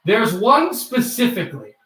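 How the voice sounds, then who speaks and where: A man doing mock hockey play-by-play on a live stream, calling fast with bursts of shouting and imitating broadcasters. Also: high voice, far from the mic. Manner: excitable, rapid calls with bursts of shouting. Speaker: livestream host doing play-by-play. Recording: echoey room, off-mic.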